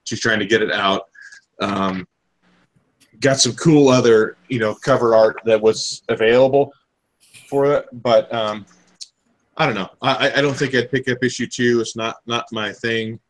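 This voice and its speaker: A man of middle pitch hosts a relaxed comic book chat. He talks haltingly, often starting with "um" and stumbling over repeated words. The delivery stays loose and unscripted. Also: poor audio. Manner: hesitant, many "um"s and repeated words. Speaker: comic podcast host. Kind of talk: casual chat reviewing comics.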